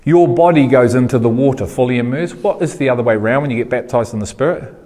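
A man preaches a sermon at a middle pitch. He keeps putting questions to his listeners and repeats his key words. The hall behind him rings with a long reverb. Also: fast. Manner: animated preaching, rising in pitch when fired up; asks the audience questions, repeats phrases.

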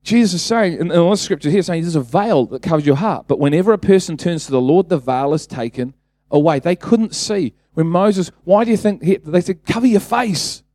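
A man's voice: fairly high pitch, animated, brisk, warm tone, dry recording. A man preaching a casual sermon, talking conversationally, then building to emphatic bursts and asking the congregation rhetorical questions.

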